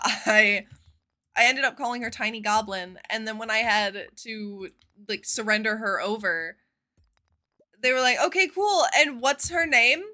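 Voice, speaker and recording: A woman streamer chatting casually with her viewers, telling stories in an expressive, profane way. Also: medium pitch. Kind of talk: casual live-stream chat.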